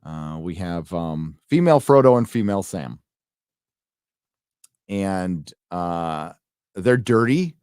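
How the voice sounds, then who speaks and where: A man's voice: low-pitched, expressive, slow, long pauses, a little mellow, clean tone, no echo, studio quality. A man reviewing a TV show in a casual live commentary, blunt and sarcastic, full of fillers and restarts. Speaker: video reviewer.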